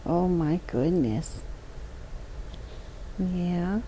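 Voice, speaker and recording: A woman streaming from home, chatting slowly and softly to her cat at a desk microphone. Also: on the low side, a little hiss or hum, poor audio. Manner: slow, soft baby talk to her cat. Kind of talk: casual chat with her cat while gaming.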